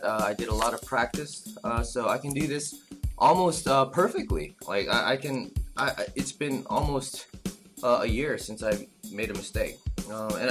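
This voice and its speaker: A man explaining phone screen repair as an instructor, talking casually with lots of "uh" fillers and restarts. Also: medium pitch. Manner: filler-heavy, frequent "uh" restarts. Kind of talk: casual tutorial talk.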